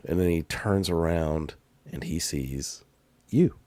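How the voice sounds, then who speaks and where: A man's voice: deep voice, slow pace, warm tone, dry recording. A man narrating as game master of a tabletop game, laid-back and laughing, getting hyped at dice rolls.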